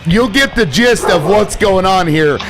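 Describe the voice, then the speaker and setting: A man's voice: high-pitched, lively intonation, measured pace, over music. A man hosting a livestream, ranting with heavy swearing and sarcasm, irritated. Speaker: livestream host. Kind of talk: profane livestream rant.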